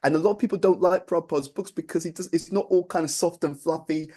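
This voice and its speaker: A man's voice: on the high side, steady tone, fast, warm tone, breathy edge. A man giving an informal spiritual talk, speaking conversationally, often restarting phrases and checking in with "right?".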